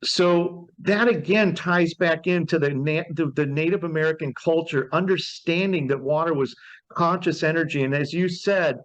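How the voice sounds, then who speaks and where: A man's voice: fairly high pitch, normal speed. A man hosting a casual interview, explaining ideas enthusiastically and repeating key points. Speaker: podcast host. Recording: dull lo-fi audio.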